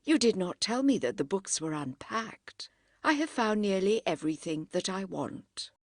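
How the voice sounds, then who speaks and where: A woman's voice: mid-range voice, animated, moderate pace, no echo, clean studio sound. A woman voicing a wounded young woman who speaks in a cool, dignified manner.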